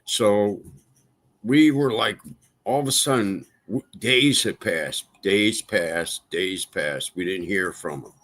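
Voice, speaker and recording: A man's voice: on the low side, slow pace, a bit bright. A man hosting a livestream, venting in a casual monologue with exasperation and repeating himself for emphasis. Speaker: livestream host.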